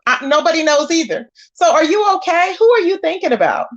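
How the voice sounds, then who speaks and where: A woman, hosting a live stream, commenting casually in an animated and exasperated way as she acts out quoted lines. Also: very high voice, a little fast, dull audio.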